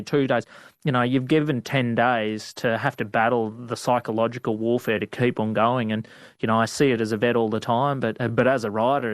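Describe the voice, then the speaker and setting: A young Australian man who works as a rural outback vet is a guest in a storytelling interview. His medium-pitched voice, recorded dry, sounds laid-back as he rambles through stories full of fillers.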